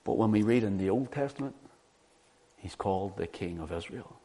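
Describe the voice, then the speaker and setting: Guy preaching a sermon, lowish voice, lively, keeps asking the room if it makes sense. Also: moderate pace. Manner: animated, asks the listeners rhetorical questions. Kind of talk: sermon, Bible teaching.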